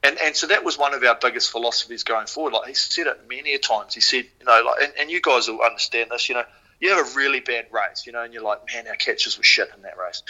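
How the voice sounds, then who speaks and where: A man with a New Zealand accent, a podcast guest and former rower, telling stories casually in an animated way, swearing freely and using lots of fillers. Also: mid-range voice, fast, low-quality recording. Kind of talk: casual storytelling.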